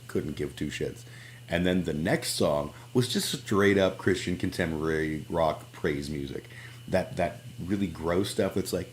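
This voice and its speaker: Low voiced guy ranting on stream, sweary and sarcastic. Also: slight background noise. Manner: profane, sarcastic. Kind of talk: casual ranting reaction stream.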